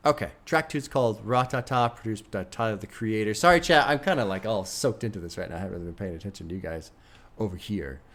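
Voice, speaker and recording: A man streaming a first-listen album reaction, chatty and excitable, swearing freely as he thinks out loud to his chat. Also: fairly low pitch, brisk. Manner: excitable, profane, chatty, laughs often.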